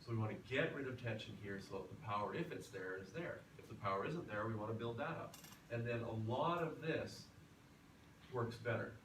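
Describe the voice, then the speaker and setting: A man teaching a singing class in a relaxed, chatty lecture style. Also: on the low side, a little fast. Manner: relaxed, chatty, tells anecdotes. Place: classroom or rehearsal hall. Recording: roomy, from far off, noisy.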